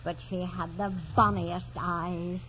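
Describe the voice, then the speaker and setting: An actress playing an older family nurse with a soft, motherly, unhurried voice in 1940s radio acting. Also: lowish voice, level tone, soft background music. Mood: sorrowful. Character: older woman, a gentle and sorrowful family nurse. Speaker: housekeeper. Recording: dull lo-fi 1940s radio recording.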